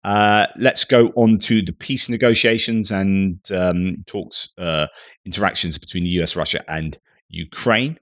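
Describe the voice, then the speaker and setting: A man's voice: low-pitched, steady tone, measured pace, a bit bright, no room sound, clean studio sound. A man commenting on the news, reading quotes and then discussing them in a loose, conversational way. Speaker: geopolitics commentator.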